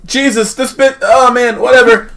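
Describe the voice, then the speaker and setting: A game streamer chatting casually and reading a visual novel aloud, joking, quick to laugh and often breaking off mid-line. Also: medium pitch, fairly even intonation, fairly bright tone.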